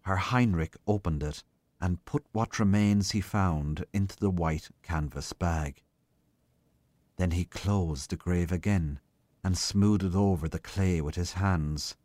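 A man giving a slow, measured literary reading of a short story. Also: low voice, a little mellow, no echo. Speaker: reader.

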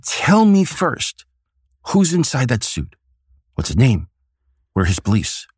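A man doing an impression of an exuberant elderly comics legend, talking in a booming, theatrical, emphatic way. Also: huge pitch swings, unhurried, breathy edge, dry recording, clean studio sound, exaggerated voice.

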